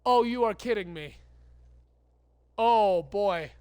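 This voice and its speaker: A woman's voice: mid-range voice, takes it slowly, warm tone, smooth, no room sound. A woman streamer giving live gameplay commentary, ranting with lots of swearing and stammered restarts. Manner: profane, exasperated ranting.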